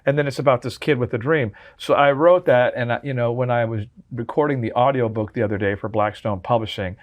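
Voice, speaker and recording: A man in his sixties with a mid-range, steady voice talks fairly quickly. He's a drummer and memoir author appearing as an interview guest, sharing heartfelt stories earnestly and restarting his sentences often.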